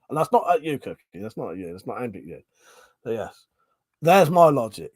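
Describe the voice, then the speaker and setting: A man's voice: medium pitch, animated, moderate pace, darkish tone, dry recording. A man hosting a casual live-stream chat, a bit drunk, swearing freely and laughing often. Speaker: livestream host.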